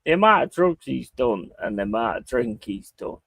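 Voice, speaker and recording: A man's voice: medium pitch, big pitch swings, moderate pace, vocal fry, a bit bright, breathy edge, dry recording. A man hosting a casual chat, talking bluntly and swearing freely. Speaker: podcast host.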